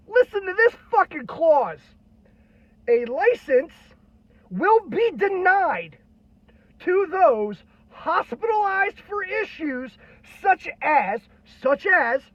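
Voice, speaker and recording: Brief: furious veteran ranter, strained very high voice, constant swearing, dull lo-fi recording. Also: male voice, big pitch swings, slow pace, no room sound. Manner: irate, heavily profane, shouting. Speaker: military veteran ranting on video. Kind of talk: angry political rant. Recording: dull lo-fi, dry sound.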